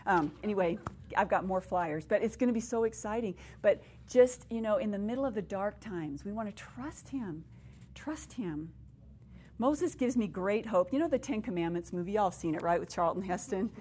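A middle-aged woman gives a heartfelt testimony and Bible teaching to a live audience. She tells her story with lively energy and acts out each quote. Her voice sits at a medium pitch, with a faint hiss of noise behind it. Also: moderate pace. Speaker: women's conference speaker.

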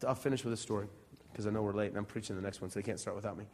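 A man from Central Illinois preaching a sermon in a church. He talks conversationally, asks his congregation a lot of rhetorical questions, and swings between loud emphasis and soft asides. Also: lowish voice, fairly even intonation, rapid-fire, a crowd in the background. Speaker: pastor.

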